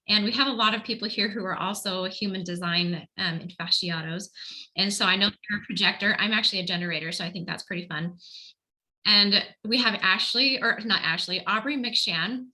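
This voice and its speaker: Bright-voiced woman hosting an online panel. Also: medium pitch, rough recording. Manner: chatty, enthusiastic, with restarts and self-corrections. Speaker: host.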